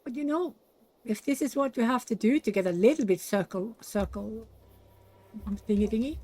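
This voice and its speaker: A woman's voice: a little high, normal speed, long pauses, warm tone, husky, no room sound. A young woman hosting a game play-through, chatting casually and muttering to herself as she builds. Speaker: gaming channel host. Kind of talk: casual let's-play commentary.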